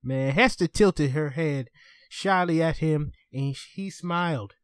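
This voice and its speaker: A man's voice: fairly high pitch, measured pace, clear, resonant tone, dry recording, clean studio sound. A man co-hosting a comedy show, stumbling over words while reading aloud and mocking himself. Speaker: co-host reading fan fiction aloud. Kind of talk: comedic read-aloud with banter.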